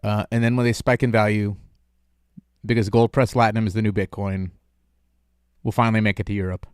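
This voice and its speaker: A man's voice: fairly low pitch, level tone, fairly quick, clear, resonant tone, no echo, studio quality. Rambling jokey male streamer. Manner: rambling, jokey, lots of filler. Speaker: streamer host taking calls. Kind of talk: casual chat.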